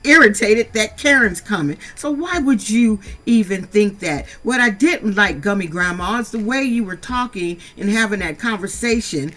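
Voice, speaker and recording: A woman's voice: medium pitch, lively intonation, moderate pace, few pauses. A middle-aged woman from San Diego giving a blunt, profane recap of a reality show, scolding the cast directly. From San Diego, USA. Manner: blunt, scolding, swears freely. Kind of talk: casual profane recap commentary.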